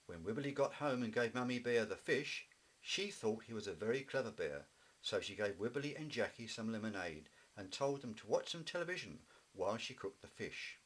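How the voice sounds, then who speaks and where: A man reading a children's story aloud in a gentle, expressive way. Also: mid-range voice, normal speed, low-quality recording. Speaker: narrator.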